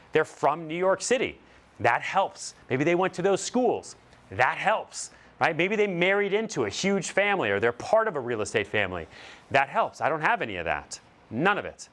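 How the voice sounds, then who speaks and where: Male keynote speaker, emphatic storyteller, very animated delivery. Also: on the high side. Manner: emphatic, storytelling, repeats short punchlines. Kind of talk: motivational stage talk.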